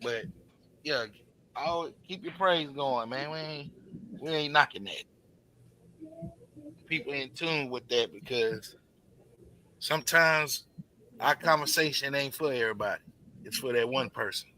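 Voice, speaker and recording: A man's voice: mid-range voice, unhurried, long pauses, sharp tone, slight background noise, poor audio. A man hosting a podcast in casual chat, encouraging and full of slang. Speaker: podcast host.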